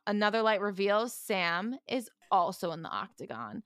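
Bright-voiced sarcastic woman. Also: mid-range voice, big pitch swings, a little slow, few pauses, no echo, clean studio sound. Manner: blunt, sarcastic jokes. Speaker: podcast co-host. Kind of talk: casual recap chat.

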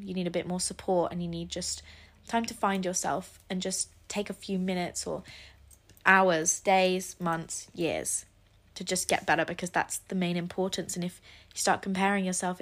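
A young woman hosting a solo podcast, speaking earnestly and encouragingly, with self-deprecating asides. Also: fairly low pitch. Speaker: podcast host.

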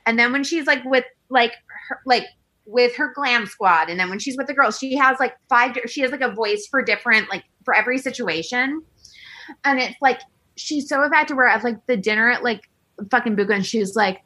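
A woman chatting casually, gossiping in an animated way with lots of "like" and playful impressions of people, in a high girlish voice. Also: brisk. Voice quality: high girlish voice, self-described baby voice. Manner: gossipy, animated, heavy use of "like", imitates people. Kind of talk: casual chat.

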